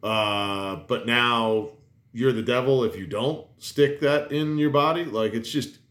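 A man's voice: medium pitch, slow, fairly bright tone. Emphatic rambling man in a roomy space. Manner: rambling and emphatic, swearing, many restarts. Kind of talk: casual chat. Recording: roomy echo.

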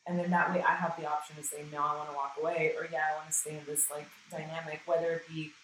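A woman's voice: deep voice, little pitch movement, fast, fairly bright tone. A woman talking frankly and casually in a conversation, swearing freely and often acting out what she said. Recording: roomy sound from some distance with faint noise.

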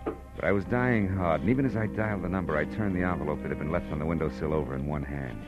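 A man's voice: low-pitched, fast, muffled recording, over loud music, lightly acted. A man playing a world-weary, wisecracking male private detective in an old-time radio drama, also narrating the story. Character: hard-boiled male private detective, wry, dry-witted. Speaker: narrator and lead. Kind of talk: 1940s radio acting.

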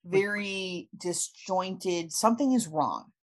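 A woman's voice: lowish voice, lively intonation, takes it slowly. A woman casually recapping a comic book story with lots of fillers and laughter. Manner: chatty, laughing, many fillers. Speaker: podcast host.

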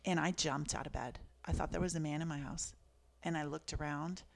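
Low-pitched with a steady tone and vocal fry, she talks fairly quickly. The speaker is a Canadian woman in her fifties, an author and guest who reflects earnestly on personal stories in a soft-spoken manner.

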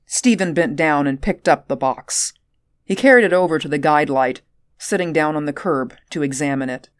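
Low-voiced woman reading a story. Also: normal speed, smooth, dry recording, clean studio sound. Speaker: narrator. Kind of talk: audiobook narration.

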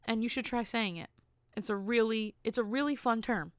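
A woman's voice: on the high side, moderate pace, smooth, no room sound, clean studio sound. A young woman hosting a casual solo podcast, telling rambling, self-amused stories with jokey asides. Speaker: podcast host.

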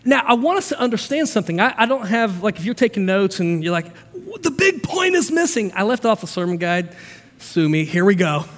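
A man preaching a sermon as pastor, energetic and conversational, with asides and frequent restarts. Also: high voice, brisk. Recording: long hall reverb.

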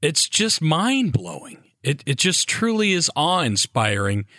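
A man's voice: a little high, very animated, a little slow, bright, forceful tone, no room sound, studio quality. A man co-hosting a podcast, speaking earnestly and reflectively in casual chat, often restarting his sentences. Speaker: podcast co-host.

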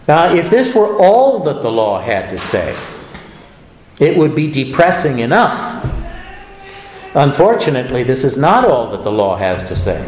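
Slow-speaking preacher man in a roomy church. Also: medium pitch, big pitch swings. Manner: slow, emphatic, asks the audience questions. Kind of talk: sermon. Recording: roomy echo.

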